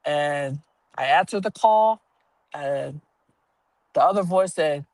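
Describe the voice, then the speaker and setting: A woman's voice: sits low, slow pace, pauses often, darkish tone, dry recording. A woman who works as a union representative at a prison telling a personal story in a candid, earthy way, swearing freely and laughing at herself.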